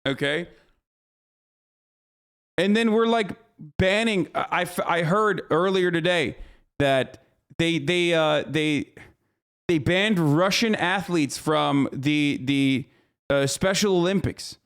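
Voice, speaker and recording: A man's voice: a little high, slow, long pauses, a bit bright, smooth. A man streaming live, giving casual, profane and incredulous commentary as host.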